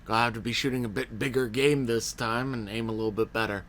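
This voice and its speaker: A man voicing Trent, a big hard-drinking man who speaks in a slow, terse Texan drawl. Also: medium pitch, steady tone, a bit bright, a little hiss or hum, lightly acted. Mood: gruff. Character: big hard-drinking man, gruff, not much of a talker.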